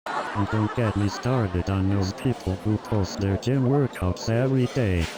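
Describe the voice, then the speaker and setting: A synthetic male voice delivering a stand-up comedy routine in a steady joke-telling cadence with stock setups. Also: fairly low pitch, measured pace, very noisy. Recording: loud music and laugh track behind. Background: loud music and audience laughter.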